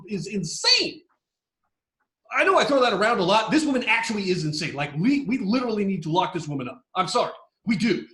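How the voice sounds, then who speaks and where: Podcast guy, high voice bouncing all over, gets worked up and swears, echoey room. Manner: excitable, ranting, swears a lot. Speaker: podcast co-host. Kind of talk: casual podcast chat.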